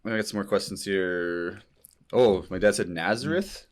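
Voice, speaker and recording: A man's voice: sits low, moderate pace, background noise. A young man co-hosting a casual chat, blunt and joking, swearing freely. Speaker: co-host.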